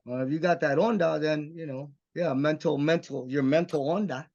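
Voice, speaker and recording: A man's voice: fairly high pitch, fairly even intonation, moderate pace, darkish tone. A man from Texas, guest on a podcast, talking in an intense, profane, emphatic way. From Mission, Texas. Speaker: guest actor. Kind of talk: candid podcast conversation. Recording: dull lo-fi podcast audio.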